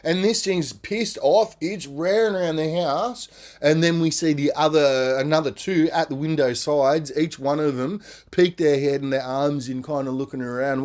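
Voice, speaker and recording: A man on a podcast, telling a story in a casual, animated way, swearing freely and tagging lines with "man" and "right?". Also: on the high side, normal speed.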